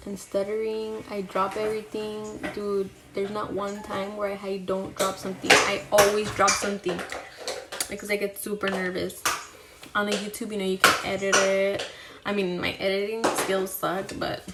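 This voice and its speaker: Over heavy background noise, a young woman with a mid-range voice chats casually as she does her makeup on camera. A beauty vlogger in get-ready-with-me mode, she's chatty and self-deprecating, talking herself through each step mid-task.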